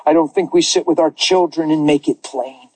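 A man preaching as a pastor, telling a story with lively acted-out quotes and frequent laughter. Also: on the high side, moderate pace, slightly rough, no room sound, rough recording. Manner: animated, laughs often, acts out quoted voices. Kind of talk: sermon storytelling.

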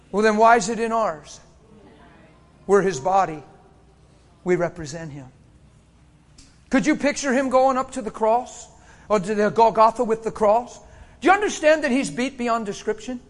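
A man from Pennsylvania preaching a sermon, swinging from shouts down to hushed near-whispers and laughing often as he talks. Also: extremely high pitch.

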